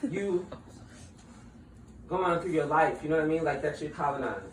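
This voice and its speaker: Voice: mid-range voice, moderate pace, slight background noise. A speaker giving an impassioned, conversational speech, slangy and laughing often while talking. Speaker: political speaker. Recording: roomy, distant mic, faint ambience.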